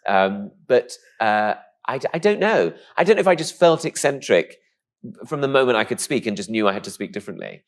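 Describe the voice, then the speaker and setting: A man from England with a posh-sounding voice, telling stories in a camp, animated way as a guest in an interview. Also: medium pitch, a little fast. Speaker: comedian guest. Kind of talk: casual interview chat.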